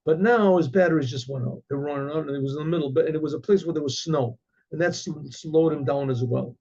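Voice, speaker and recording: A male rabbi telling a story in a halting way, with many restarts and throat clearing. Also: a little high, dark tone, lo-fi sound.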